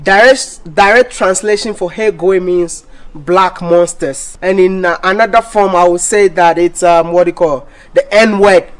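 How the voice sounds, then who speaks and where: A man with a fairly high voice speaks straight to his viewers in a heated vlog rant. He keeps circling back to the same complaints and restarts his sentences as he goes. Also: a little slow. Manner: indignant, repetitive ranting with restarts. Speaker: vlogger. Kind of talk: ranting vlog to camera.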